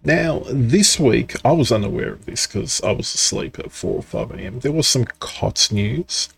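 Gravelly husky man on a podcast. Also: mid-range voice, animated, normal speed, a bit bright, no echo. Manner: frank and opinionated. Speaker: podcast co-host. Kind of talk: casual gaming podcast chat.

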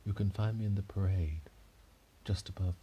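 A man voicing a woman with an airy, breathy voice who sounds like a ghost in a faraway room. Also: sits low, warm tone, a little hiss or hum, pitched above the performer's own voice, lightly acted. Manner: breathy, drawn-out, otherworldly speech.

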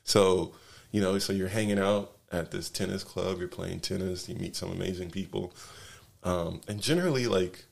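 A man's voice: deep voice, steady tone, moderate pace, vocal fry. A man casually telling a rambling travel story, full of fillers, restarts and tag questions.

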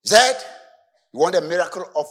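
A male preacher delivers his sermon in a fairly high, very lively voice. He drops into soft asides, then climbs to shouted emphasis. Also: brisk.

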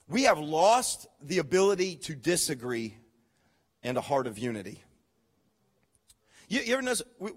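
A man preaching a sermon as a pastor. He is emphatic, repeats key phrases and leads call-and-response, going from hushed asides to shouts. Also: medium pitch, husky.

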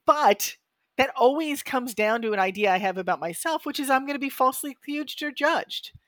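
A woman in her fifties, co-hosting a podcast in a casual, animated way and acting out her own thoughts. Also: high-pitched, brisk, no echo, clean studio sound. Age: 50s. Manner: animated, acts out quoted thoughts. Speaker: podcast co-host.

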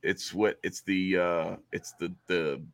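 A Cajun-accented man from Louisiana chats casually and tells a long joke, rambling and correcting himself along the way. His voice sits low, his delivery is flat and slow, and the audio is studio quality with no room sound.

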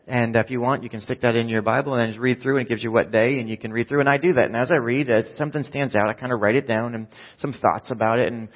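A man's voice: medium pitch, steady tone, fast. A male pastor preaching a sermon in a casual, conversational, self-deprecating way. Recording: dull echoey hall sound.

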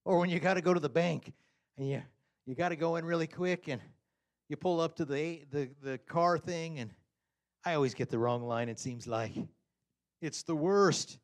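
Animated joking man preaching. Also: normal speed. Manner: jokey, animated storytelling, acts out quotes with sudden pitch jumps; chuckles often.

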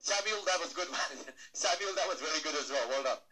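A man's voice: on the high side, animated, fairly quick, pushed and bright, rough recording. A man giving a playful talk to a live audience as a motivational speaker, asking the crowd questions and acting out little voices.

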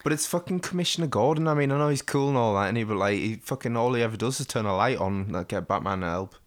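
A man's voice: medium pitch, expressive, quick pace. A man with a British accent chatting casually and crudely about a TV show, swearing and laughing often. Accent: British English. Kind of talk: casual chat reviewing a TV show.

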